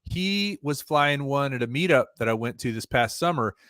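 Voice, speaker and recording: A man guesting on a livestream, telling stories in a relaxed, conversational way. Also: mid-range voice, normal speed, dry recording, clean studio sound. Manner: relaxed storyteller, easygoing and conversational. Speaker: guest drone pilot. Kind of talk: casual interview chat.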